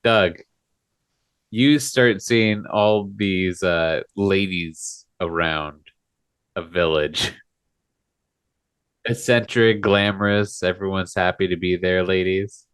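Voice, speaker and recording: Game-master man, slow and animated, dry sound. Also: low voice, clean tone, no room sound. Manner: giggly, laughs between lines. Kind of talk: narrating a tabletop game.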